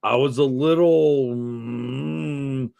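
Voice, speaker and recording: A man's voice: medium pitch, drawn-out words, vocal fry, dry recording. A man hosting a casual podcast, telling a story with lots of swearing and acting out the other people's lines. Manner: profane, animated storyteller acting out quotes. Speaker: podcast host.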